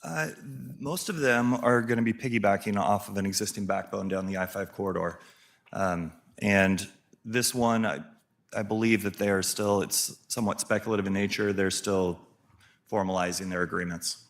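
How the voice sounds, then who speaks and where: Deep-voiced man explaining city business. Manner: measured explanatory, with fillers. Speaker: city staff presenter. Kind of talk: explaining at a council meeting.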